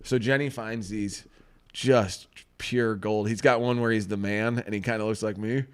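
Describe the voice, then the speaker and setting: A middle-aged man co-hosting a casual chat show, telling family stories in an animated way, acting out quotes and swearing freely. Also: lowish voice, normal speed, clear, resonant tone. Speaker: co-host.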